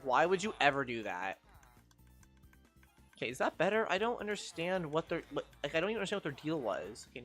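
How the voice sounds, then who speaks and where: A young woman streams a game live and vents her frustration out loud, swearing and scolding the creatures on screen. Her pitch leaps and dips all over as she goes. Soft music plays underneath. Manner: exasperated ranting, swears, scolds game mobs. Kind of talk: live gameplay commentary.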